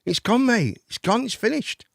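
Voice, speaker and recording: A man's voice: very high voice, expressive, normal speed, vocal fry, fairly bright tone, no room sound, clean studio sound. A man, hosting a live chat and phone-in show, rambling and swearing casually. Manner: rambling, chatty, swears casually, calls people mate.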